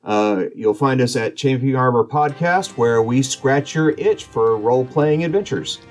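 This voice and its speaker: Unhurried man running a tabletop game. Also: medium pitch, faint music behind. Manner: relaxed narration with frequent filler pauses. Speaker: game master and podcast host.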